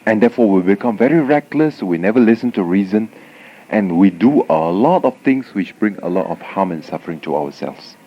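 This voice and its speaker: On a dull lo-fi tape from 1989, a man with a fairly low voice gives a Buddhist dharma talk at a fairly quick pace. He tells stories animatedly and often ends his lines with a tag question of "huh?"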